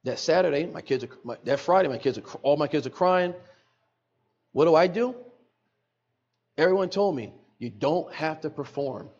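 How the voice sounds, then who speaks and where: A man's voice: a little high, animated, normal speed, long pauses, darkish tone, highs cut off. A middle-aged man, a podcast guest, telling an emotional personal story in earnest, repeating phrases for emphasis, recorded in a studio.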